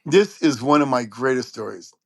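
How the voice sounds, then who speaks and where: A man from Long Beach, California, a trumpet player telling lively anecdotes in a casual interview. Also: medium pitch, normal speed, creaky, husky, dry recording. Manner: animated anecdotes, acts out quoted voices.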